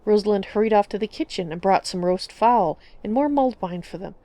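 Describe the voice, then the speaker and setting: A woman narrating a fantasy roleplay story in an even storytelling manner. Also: mid-range voice, brisk.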